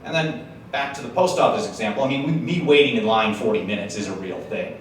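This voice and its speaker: A conference speaker from Wisconsin talks fast in a medium-pitched voice, keeping his speech to a live audience casual, joking, and full of slangy asides. The large hall is echoey, the mic sounds far off, and there's a little hiss or hum.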